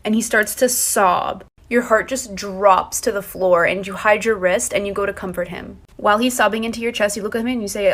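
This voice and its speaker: Fast-talking woman telling fan stories. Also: medium pitch, fairly even intonation. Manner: chatty, packed with filler "like". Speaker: fan storyteller. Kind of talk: casual second-person fan fiction storytelling.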